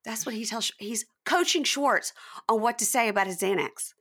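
A woman podcast host in casual chat, animatedly recapping a reality show and acting out the cast's lines. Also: normal speed. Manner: animated, acts out cast quotes in high voices.

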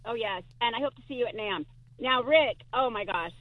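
A woman's voice: on the high side, fairly quick. A woman calling in to a radio show, eager and gushing as she rambles through her question. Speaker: caller. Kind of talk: call-in radio chat. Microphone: phone. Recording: tinny phone line.

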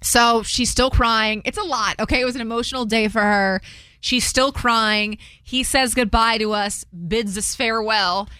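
A woman hosting a radio show, telling a story with lively energy and acting out the people in it. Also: on the high side, moderate pace, smooth, no echo.

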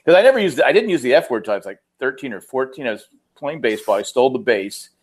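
Lively man joking with friends. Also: mid-range voice, quick pace. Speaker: podcast co-host. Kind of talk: casual chat.

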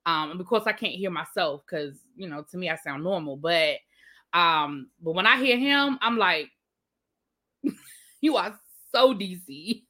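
Livestream host: a woman with a DC accent, bright and chatty, riffing with her viewers. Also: fairly low pitch, expressive. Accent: Washington DC. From Washington DC area. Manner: chatty, drawn-out asides, answers the chat. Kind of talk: casual livestream chat reading viewer comments.

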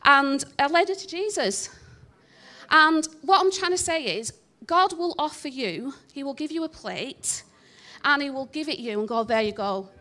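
A woman's voice: sits high, animated, normal speed, pushed and bright. A woman telling a church congregation a personal testimony, chatty and self-deprecating with many ums. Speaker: church member sharing a testimony.

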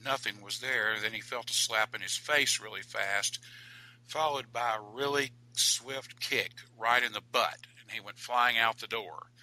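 A man, an author and guest, telling a ghost story in an animated, dramatic way. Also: mid-range voice, unhurried, low-quality recording.

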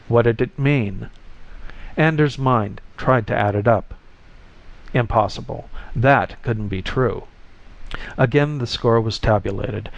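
A man narrating a story in a measured, even delivery, on a slightly muffled recording. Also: medium pitch, vocal fry. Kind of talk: audiobook story reading.

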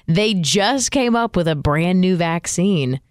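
A woman's voice: on the low side, expressive, slow, no room sound, clean studio sound. A woman co-hosting a radio show podcast, chatting casually, chatty and self-deprecating. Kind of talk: casual chat.

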